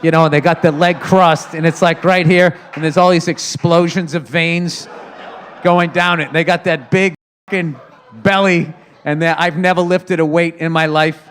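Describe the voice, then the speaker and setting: A man hosts a comedy podcast in a profane, rambling rant. His voice is pitched high for a man. He swings between loud outbursts and low muttering. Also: steady tone, moderate pace, a little hiss or hum. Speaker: podcast host.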